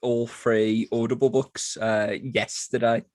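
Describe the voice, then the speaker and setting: A man's voice: medium pitch, flat delivery, slow, darkish tone, no room sound. Rambling, teasing man on a podcast. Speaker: podcast co-host. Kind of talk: casual chat.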